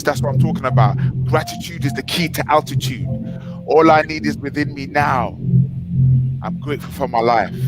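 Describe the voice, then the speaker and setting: A man hosting a morning motivational livestream, leading breathing exercises, repeating affirmations and giving viewer shout-outs. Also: medium pitch. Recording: music playing softly behind.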